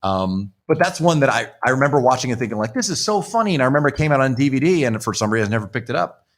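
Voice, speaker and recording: A man talks at a brisk clip, his voice sitting in an ordinary middle register. He rambles through a casual podcast chat, circling back with restarts and quick asides. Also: mid-range voice, expressive. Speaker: podcast host. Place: live stream in front of a comic shop.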